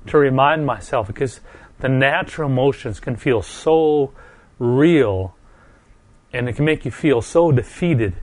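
A middle-aged man preaching a heartfelt sermon, gentle and earnest, often pausing and repeating words, still recovering from a stroke and quick to get emotional. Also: mid-range voice.

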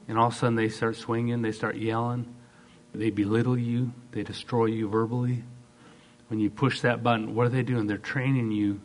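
A man preaching a sermon, acting out quoted voices and swinging from loud, fast bursts to soft, slow stretches. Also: medium pitch, steady tone.

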